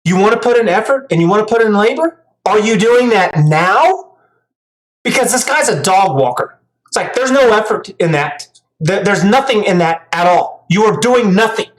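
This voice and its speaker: A woman's voice: mid-range voice, expressive, normal speed, rough recording. A woman commentator giving angry reaction commentary, ranting, profane and scolding.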